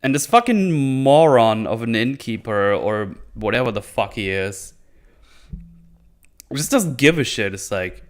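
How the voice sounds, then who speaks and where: A man's voice: fairly low pitch, sing-song, unhurried. Male reviewer, casual profane rant, sarcastic mockery. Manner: profane, sarcastic, mocks characters in silly voices. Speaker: video reviewer.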